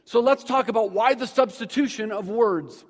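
High-voiced man preaching in a reverberant hall. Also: moderate pace. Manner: animated, repeats words when excited, jokes aside. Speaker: pastor. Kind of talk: sermon. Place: church sanctuary with screens.

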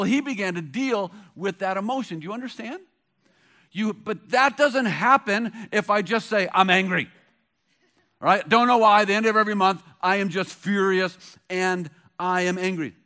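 A man's voice: high-pitched, pushed and bright. A middle-aged male pastor preaching a sermon, telling stories conversationally and pushing hard on key points. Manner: conversational storytelling with bursts of emphasis.

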